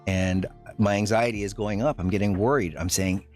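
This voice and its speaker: Rambling, low-voiced male streamer. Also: fairly even intonation, a little mellow, faint music behind. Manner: rambling, halting, with many fillers and restarts. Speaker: live streamer. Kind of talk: casual storytelling to a live chat.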